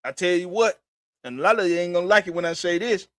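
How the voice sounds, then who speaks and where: High-voiced man on a profane sports rant. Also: animated, fast, a bit bright, dry recording. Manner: profane, emphatic, repetitive ranting. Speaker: podcast host.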